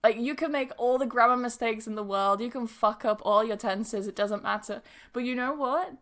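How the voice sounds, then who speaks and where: A woman's voice: fairly high pitch, steady tone, normal speed, a bit bright. A woman English pronunciation teacher hosting a podcast, talking in a casual, chatty way with laughs and asides. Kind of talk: casual solo podcast monologue.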